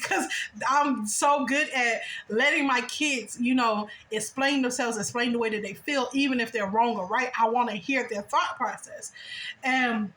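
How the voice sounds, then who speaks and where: A woman in her thirties telling a long personal story in a casual, animated monologue, often breaking into high quoted voices and laughing. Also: normal speed, a little hiss or hum. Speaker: spiritual vlogger. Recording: echoey room.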